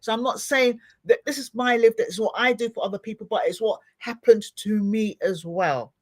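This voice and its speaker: A woman's voice: on the high side, normal speed. A middle-aged woman hosting a podcast, chatting casually and acting out little scenes as she talks. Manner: animated, expressive, acts out little scenes. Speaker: podcast host. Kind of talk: casual interview chat.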